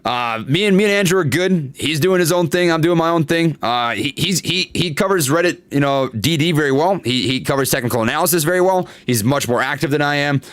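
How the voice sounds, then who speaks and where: A man hosting a casual stock market livestream, chatting with viewers and reading their comments, animated, with plenty of fillers and repeats. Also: fairly high pitch, fairly quick, few pauses, no room sound. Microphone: desktop studio microphone.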